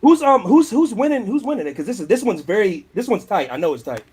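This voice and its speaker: A man's voice: high voice, sing-song, quick pace, darkish tone. A male host in casual chat, slangy and enthusiastic, often repeating himself.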